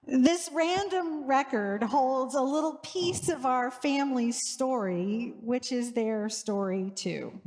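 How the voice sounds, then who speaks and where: Slow, wry middle-aged woman priest. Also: high-pitched. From New Orleans, USA. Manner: warm, wry humor. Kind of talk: storytelling sermon. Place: church sanctuary. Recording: long church reverb.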